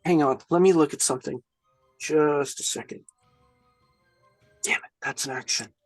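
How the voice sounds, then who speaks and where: A woman's voice: deep voice, moderate pace, a little mellow, no echo, faint music behind. A woman playing in a tabletop game, casual, swearing and laughing as she checks her rules. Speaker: player.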